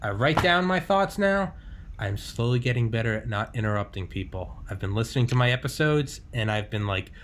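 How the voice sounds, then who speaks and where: Rambling, joking podcast host from New England. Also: male voice, medium pitch, animated, fairly quick. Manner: rambling, joking, swears freely. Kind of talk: casual conversational interview. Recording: faint background noise.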